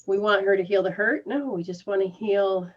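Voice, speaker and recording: Her voice mid-range and steady, a woman spiritual healer coaches someone one-on-one at a normal pace in a casual live session, acting out reactions with gasps and laughs. The recording has its highs cut off.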